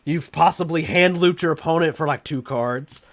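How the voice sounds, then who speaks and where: Animated host with a Southern drawl. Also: male voice, fairly high pitch. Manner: animated, rambling, quick to laugh. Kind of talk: casual chat.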